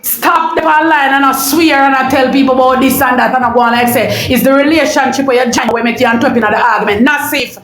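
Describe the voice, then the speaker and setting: A middle-aged woman with a Jamaican accent ranting on a live stream, loud and confrontational, repeating herself and breaking into shouts. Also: high voice, quick pace, hardly any pauses, echoey room, poor audio. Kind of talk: heated live-stream rant.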